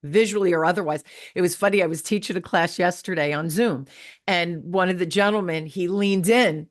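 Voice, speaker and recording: A woman's voice: fairly low pitch, brisk. A middle-aged woman hosting a sales podcast, telling a story in casual chat and acting out the voices of her students. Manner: animated storyteller, acts out quotes. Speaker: podcast host and sales trainer.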